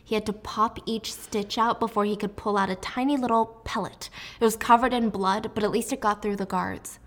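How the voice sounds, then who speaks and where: A young woman recapping a story in a casual, jokey and animated way. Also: mid-range voice, fairly quick. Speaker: book recap host.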